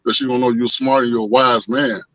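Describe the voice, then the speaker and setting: A man telling a story in casual chat, animated and profane, acting out the voices of the people in it. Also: medium pitch, fast talker, rough recording. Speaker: podcast co-host.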